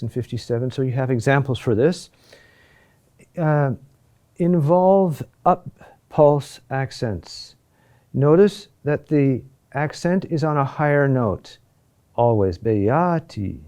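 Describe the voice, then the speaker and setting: A man teaching a recorded lesson on chant rhythm, talking deliberately with pauses and "huh?" checks. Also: mid-range voice, warm tone.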